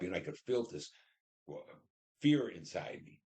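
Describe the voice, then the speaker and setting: Deep-voiced older man, war stories. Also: lively intonation, moderate pace, a little mellow. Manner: plain storytelling, acts out dialogue. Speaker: Vietnam War veteran interviewee. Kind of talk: oral history interview.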